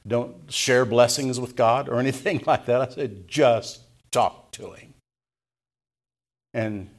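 A man in his sixties preaching a sermon as pastor, telling a personal story in a folksy way and softly quoting the people in it. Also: medium pitch, takes it slowly.

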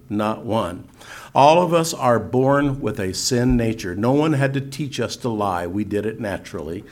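An older man preaching and teaching, reading scripture slowly and solemnly between folksy asides. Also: medium pitch. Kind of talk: sermon-style teaching.

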